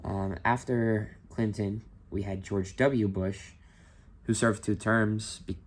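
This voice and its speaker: A man with a fairly low voice gives a relaxed, unscripted rundown of history for his vlog. He talks informally and openly shares his opinions. He often pauses on a filler "um". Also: a little hiss or hum. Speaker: history vlogger. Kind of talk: casual explainer.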